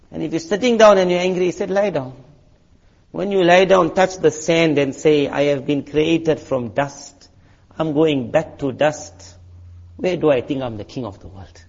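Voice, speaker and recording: A man from South Africa preaches in a high, bright voice. He tells stories with acted voices and sound effects. The recording is dull and lo-fi. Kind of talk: sermon.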